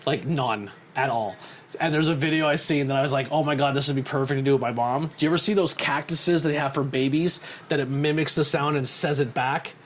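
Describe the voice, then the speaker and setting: A man hosting a casual podcast chat, telling animated stories with lots of swearing. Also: on the high side, fairly quick, a little hiss or hum. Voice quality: swears a lot, animated storytelling. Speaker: podcast host.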